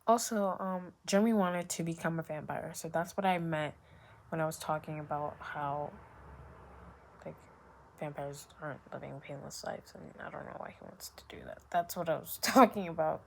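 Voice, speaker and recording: A woman's voice: low voice, moderate pace, gravelly, a little hiss or hum. A woman chatting casually as a vlogger reviewing a TV series, rambling and repeating phrases for emphasis. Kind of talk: casual chat.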